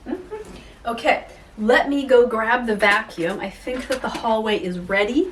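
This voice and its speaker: A woman's voice: on the high side, unhurried, a bit bright, a little hiss or hum. A woman chatting casually and playfully while she cleans her house, tossing in self-mocking jokes. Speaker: home vlogger. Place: inside a house. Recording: echoey room, mic far off.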